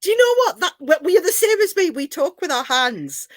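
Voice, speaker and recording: A woman's voice: very high-pitched, fairly quick, no room sound. A woman from Newcastle with a Geordie accent, chatting casually on a video call. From Newcastle, northeast England. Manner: chatty, animated, laughs often. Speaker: guest.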